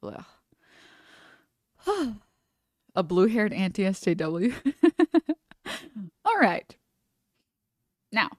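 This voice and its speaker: A woman's voice: medium pitch, sing-song, drawn-out words, pauses often, dry recording, clean studio sound. A woman streamer chatting casually as she reacts to a video, rambling with many fillers and nervous laughs.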